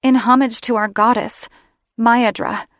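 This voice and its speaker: A woman's voice: fairly even intonation, unhurried, no room sound, studio quality, close to an everyday voice. A woman voicing a tearful young siren woman. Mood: upset, pleading. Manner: high, pleading and emotional. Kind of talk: audiobook character reading.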